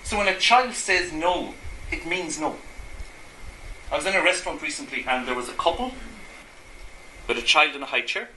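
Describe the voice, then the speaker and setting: A man lectures to an audience in an echoey room, with a faint hum of ambience behind him. His voice is very bright and sits a little high. He keeps asking the listeners rhetorical questions and acts out everyday scenes as he teaches. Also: lively intonation, moderate pace, pauses often. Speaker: Gestalt therapist giving a talk.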